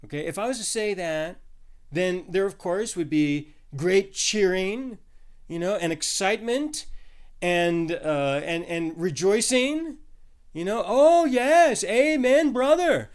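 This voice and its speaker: A man's voice: high voice, expressive, takes it slowly, clean tone. A man preaching a Bible teaching, talking loosely with many restarts and little laughs at his own jokes. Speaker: pastor. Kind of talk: sermon.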